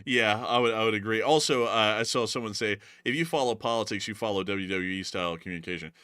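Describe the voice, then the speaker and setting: Bright-voiced male livestream host. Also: lowish voice, fast talker, smooth, dry recording. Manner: rambling, heavy on fillers and restarts. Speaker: news show host. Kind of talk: casual livestream commentary.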